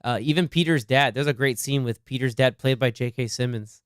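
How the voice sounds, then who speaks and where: A man co-hosting a casual movie podcast, excitable, laughing often and acting out lines from the film. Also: mid-range voice, a little fast, clear, resonant tone, no room sound, studio quality. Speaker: podcast co-host. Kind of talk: casual movie discussion chat.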